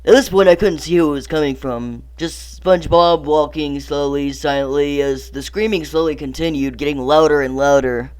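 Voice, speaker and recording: A man reading a horror story aloud as narrator, theatrical, dropping to hushed whispers and rising to anguished cries. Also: fairly high pitch, steady tone, moderate pace, hardly any pauses, clean tone. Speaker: creepypasta narrator.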